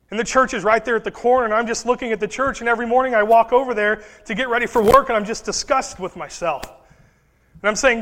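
A young man preaching a sermon and telling a personal story, swinging between hushed and loud delivery. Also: sits high, fast, big-room sound.

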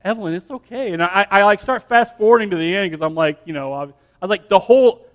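A man with a high voice preaches from the front of a church, telling a homely story that stumbles over repeated ands and restarts. His delivery then builds into firm, emphatic sermon lines. The sound rings with a long reverb from a large hall. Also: animated, quick pace. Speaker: pastor.

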